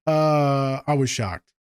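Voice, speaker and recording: A man who works as a therapist, hosting a casual podcast and telling stories in a profane, joking way, swinging between low mutters and sharp high exclaims. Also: clear, resonant tone, no room sound, clean studio sound. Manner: profane, joking, with frequent swearing.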